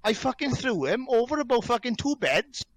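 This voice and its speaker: A man's voice: very high voice, big pitch swings, normal speed, a little hiss or hum. A Welsh man telling wild stories as a podcast guest, swearing heavily, laughing and calling everyone mate. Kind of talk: casual storytelling chat.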